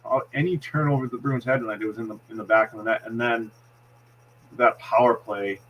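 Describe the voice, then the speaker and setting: Male hockey analyst, Boston accent, methodical play-by-play explainer, mid pitch, slight background hum. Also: fairly even intonation, brisk, muffled recording. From Massachusetts. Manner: analytical, explains plays step by step with many restarts. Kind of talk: postgame hockey breakdown.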